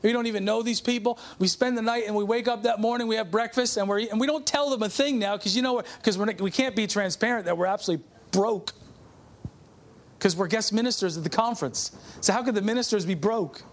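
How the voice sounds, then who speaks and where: A man's voice: high-pitched, fast talker. A middle-aged man preaching a sermon, telling a personal testimony in a conversational way and calling out to the congregation. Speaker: pastor.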